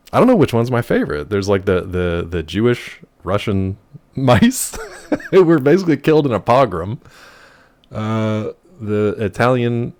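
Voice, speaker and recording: A young male streamer giving live commentary on his game. His pitch swings all over the place as he talks, lively and animated. He chats playfully and often cuts himself off mid-sentence. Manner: playful, chatty, self-interrupting.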